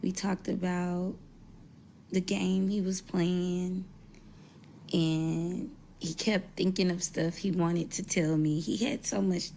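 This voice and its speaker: Woman, tearful, halting, slow, gravelly, faint noise behind. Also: fairly low pitch, flat delivery, mellow. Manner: slow, halting, holding back tears. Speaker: mother sharing news. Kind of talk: emotional personal account.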